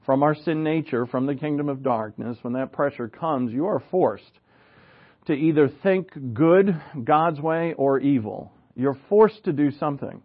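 A man's voice: a little high, lively intonation, a little slow. Pastor guy preaching, talks to the room like a chat, lots of "right?" questions, kinda dull lo-fi sound. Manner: earnest, conversational preaching with asides and rhetorical questions. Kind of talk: sermon.

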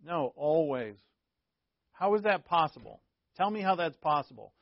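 Male pastor, casual preaching, light humor, slightly high voice, dull lo-fi sound. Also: big pitch swings, normal speed, creaky, no room sound. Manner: conversational and joking, often asks "right?". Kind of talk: informal midweek Bible teaching. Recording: dull lo-fi dry recording.

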